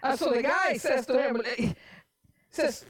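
A woman preacher telling a story in an animated sermon, often repeating words and getting loud and emphatic. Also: high-pitched, measured pace.

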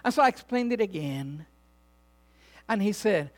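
A man's voice: high-pitched, normal speed. A middle-aged man preaching a sermon, telling a funny personal story and acting out the people in it before turning to his message. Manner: animated storyteller, laughs often, acts out voices. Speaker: pastor. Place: church or venue with audience, also filmed.

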